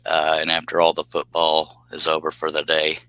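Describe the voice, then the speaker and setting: Folksy low-voiced man. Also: completely flat delivery, moderate pace, sharp tone, no echo, rough recording. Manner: rambling, folksy, laughs often. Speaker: woodworking live streamer. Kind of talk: casual live-stream chat.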